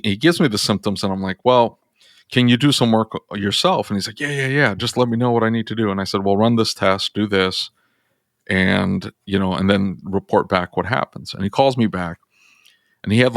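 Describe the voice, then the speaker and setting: Auto shop owner, male, lowish voice, animated storyteller who voices his customers, dry close sound. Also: no echo. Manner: animated, acts out both sides of phone calls. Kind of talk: podcast storytelling.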